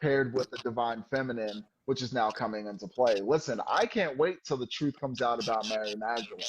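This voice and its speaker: A man's voice: mid-range voice, fairly quick, slight background noise. A man in casual podcast chat, reflective and lecturing as he talks about spirituality. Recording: dull lo-fi sound.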